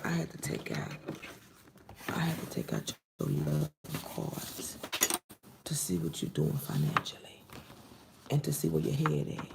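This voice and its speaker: A woman's voice: deep voice, creaky, background noise. A woman giving a casual tarot reading to camera, blunt and exasperated, often dropping into whispered asides. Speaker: tarot reader.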